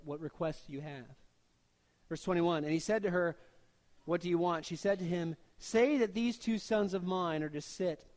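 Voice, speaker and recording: A man preaching a sermon in a conversational, joking way, reading scripture and slipping into quick voiced asides. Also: a little high, darkish tone. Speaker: pastor.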